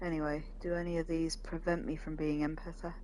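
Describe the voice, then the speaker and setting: A woman playing a video game and commenting quietly to herself in a dry, muttering way. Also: deep voice, flat delivery, brisk, slight background noise, low-quality recording. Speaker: let's play gamer.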